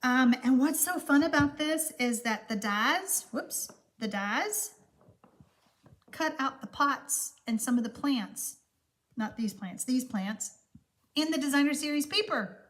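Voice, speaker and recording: On her card-making live stream, a woman with a Texan accent gushes and rambles as she goes through viewer comments. Her voice sits high and sounds animated, her pace measured, and her manner warm with frequent fillers.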